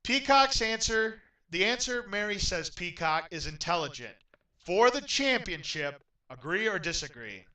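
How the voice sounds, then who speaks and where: A man hosting a game show in an upbeat, announcer-like way, getting loudly excited when a contestant wins. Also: high voice, unhurried, recorded from a distance, poor audio.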